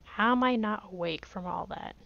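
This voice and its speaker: Talking to herself while she plays, this female gaming creator keeps up a chatty, joking let's-play with mock pleading. She speaks at medium pitch and a moderate pace in a creaky voice, over audio with a little hiss or hum and trimmed highs.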